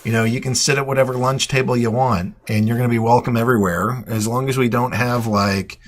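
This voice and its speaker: An American man hosts a loose internet talk show at a middle pitch, rambling and teasing his guest. He keeps doubling back on his words as he goes. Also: fairly even intonation, brisk. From United States. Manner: rambling, teasing, restarts phrases. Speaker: host. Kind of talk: casual chat.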